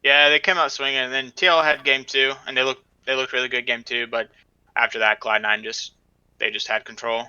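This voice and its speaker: Man, podcast co-host, smooth bright voice, hesitant with fillers, dull lo-fi mic. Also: mid-range voice, flat delivery, a little fast, dry recording. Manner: hesitant, lots of fillers and trailing off. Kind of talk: casual esports analysis chat.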